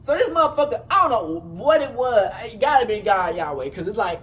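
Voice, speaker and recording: A man casually telling a rambling, profane story, full of fillers and restarts. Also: brisk. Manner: rambling, animated, profane, repeats "you know what I'm saying". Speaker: storyteller recounting a jail fight. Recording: distant mic with faint rumble.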